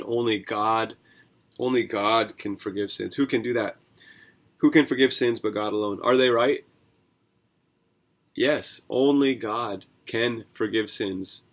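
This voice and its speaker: Gravelly-voiced man giving Bible commentary. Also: fairly low pitch, fairly bright tone. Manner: earnest, conversational, with asides and self-corrections. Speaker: podcast host.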